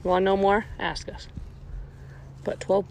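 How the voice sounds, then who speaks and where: A woman's voice: mid-range voice, little pitch movement, moderate pace, a little hiss or hum. A playful young woman co-hosting a casual podcast outdoors, joking and laughing easily. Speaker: podcast co-host. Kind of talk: casual chat. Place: outdoors, sitting on a bucket. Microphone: handheld recorder moved between speakers.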